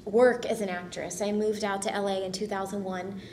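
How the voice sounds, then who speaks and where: A woman's voice: mid-range voice, little pitch movement, moderate pace, a little hiss or hum. A woman being interviewed as an actress, answering in a modest and grateful way. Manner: modest, warm and grateful, laughs easily. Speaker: voice actress and guest.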